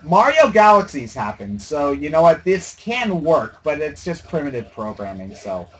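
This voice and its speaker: A man's voice: fairly high pitch, sing-song, moderate pace, a bit bright, a little hiss or hum, poor audio. A man streaming a video game, giving rambling, sarcastic and profane casual commentary.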